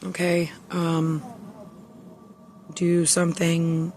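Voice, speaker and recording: A woman giving a casual spiritual tarot reading, soft-spoken and reassuring, with many fillers, sometimes reading passages aloud. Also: on the low side, completely flat delivery, drawn-out words, a little hiss or hum. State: emotional, near tears. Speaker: tarot reader.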